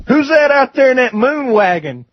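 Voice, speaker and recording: A gruff old ex-con uncle, crude and menacing, boasts in a higher, husky drawl, as a man puts him on while telling a story. The audio is muffled and lo-fi. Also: expressive, moderate pace, dry recording. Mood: hollering. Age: 50s.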